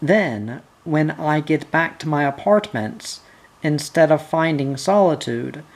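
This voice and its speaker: A bitter, proud prince of eighteen, intense and resentful, speaking slowly with a gravelly edge, as a reader puts him on. The low, rough voice stays close to the reader's own. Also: male voice, expressive. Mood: bitter earnest. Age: teens.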